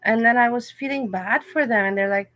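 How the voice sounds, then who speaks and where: A woman's voice: a little high, a little fast, a bit bright. Woman host, casual stream talk, frank and emotional, rambling. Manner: candid, rambling, emotional storytelling. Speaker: livestream host. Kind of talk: casual livestream chat.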